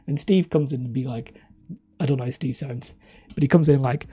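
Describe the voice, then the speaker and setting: A woman's voice: deep voice, a little fast, mellow, husky. A woman hosting a live stream, chatty and self-mocking, wandering off topic and sounding tired. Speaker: channel host streaming. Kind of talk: rambling live-stream chat.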